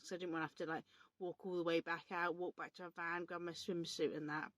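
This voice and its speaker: A woman's voice: on the low side, level tone, quick pace, a bit bright, no room sound. A woman talking casually to camera from inside her camper van, chatty and swearing freely. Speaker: vlogger. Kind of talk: casual vlog chat.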